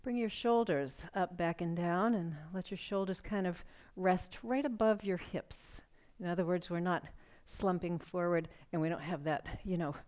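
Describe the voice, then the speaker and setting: A woman leading a chair yoga breathing session, speaking in a calm, gentle way and posing soft questions for the listener to notice. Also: fairly low pitch. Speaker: yoga instructor.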